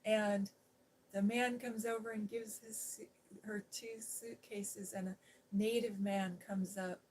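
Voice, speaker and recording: A middle-aged woman, an ASMR host, telling a personal story in a gentle, hushed voice that drifts into whispers. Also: mid-range voice, flat delivery, takes it slowly, slight background noise, low-quality recording. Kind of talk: soft-spoken storytelling.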